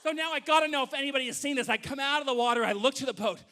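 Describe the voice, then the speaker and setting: A man telling a comic story live on stage to an audience, animated and acting out voices. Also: very high voice, racing.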